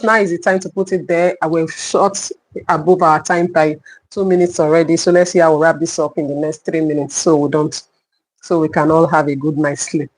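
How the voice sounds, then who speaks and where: A woman's voice: deep voice, darkish tone, rough recording. A middle-aged woman with a Nigerian English accent, a clinical psychologist teaching a live online parenting class, emphatic and repeating her key points.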